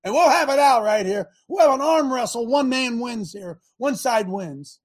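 Preacher doing a giant bully guy, loud and mocking, kinda husky. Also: medium pitch, expressive, normal speed, lightly acted. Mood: taunting. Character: swaggering bullying giant warrior, male. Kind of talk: sermon storytelling.

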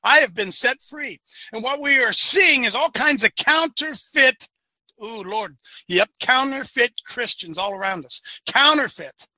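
A man preaching with fire to a live online audience, often raising his voice to a shout. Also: extremely high pitch, expressive, measured pace, no room sound. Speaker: host and preacher of an online show.

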